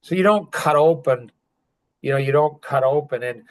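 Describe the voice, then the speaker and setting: A middle-aged man talking on a podcast with a somewhat high voice. He speaks with raw intensity and often climbs into angry, emphatic outbursts. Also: moderate pace. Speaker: podcast guest sharing his story. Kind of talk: emotional podcast conversation.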